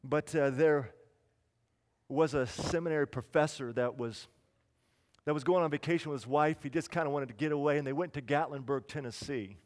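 A man preaching a sermon, swinging between loud appeals and quiet storytelling. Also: fairly high pitch, moderate pace. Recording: long hall reverb.

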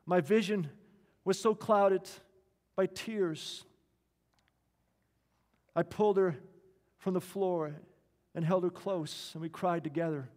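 An earnest male pastor tells a story from the pulpit and slows down to stress its key lines. His voice sits a little high for a man and carries a long hall reverb. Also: fairly even intonation, darkish tone. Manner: earnest, slowing down for emphasis. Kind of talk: sermon storytelling.

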